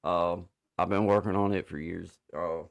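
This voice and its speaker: A man hosting a casual livestream chat over a video call, rambling with many restarts and fillers and giving warm shout-outs to viewers. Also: sits low, fairly even intonation, normal speed, creaky. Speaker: livestream host.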